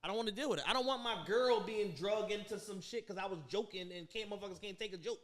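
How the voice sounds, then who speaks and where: A man's voice: high voice, fast, roomy sound, crowd noise. A man co-hosting a podcast, chatting in a blunt, profane, jokey way. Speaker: podcast co-host. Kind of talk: casual chat.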